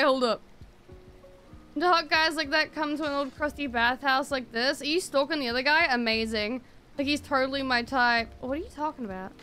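A young woman streaming a game, reacting out loud with quick exclamations and frequent swearing. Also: high-pitched. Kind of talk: casual live-stream gameplay commentary.

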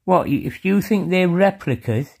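A man's voice: sits high, expressive, vocal fry, a little mellow, slightly rough. A man showing off old coins in a casual vlog, chatty and filling every phrase with "mate" and "yeah". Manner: slow, drawn-out delivery. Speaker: coin collector showing coins. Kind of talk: casual show-and-tell vlog.

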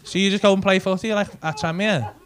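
A man's voice: high voice, fast talker, a bit bright. A male stand-up comedian with a Liverpool accent doing brash, sweary, teasing crowd work on a comedy club stage. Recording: live club audio with crowd laughter noise.

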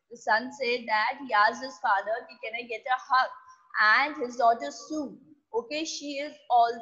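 A woman's voice: on the high side, fairly bright tone, muffled recording. A woman teacher explaining a textbook chapter to her class line by line, repeating and paraphrasing often. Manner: repetitive, paraphrasing each line, frequent "okay".

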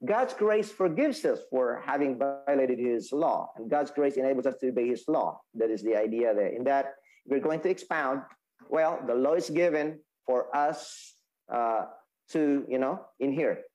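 A man teaching a Sabbath school Bible lesson, explaining slowly with many restarts and fillers. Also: mid-range voice, lively intonation, darkish tone, rough recording. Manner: explaining, repeats and restates points, halting with fillers.

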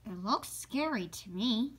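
A woman's voice: a little high, animated, unhurried, a bit bright, husky, exaggerated voice. A woman voicing an easily frightened little girl bear cub in a storybook reading. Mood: wary. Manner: alarmed, crying out.

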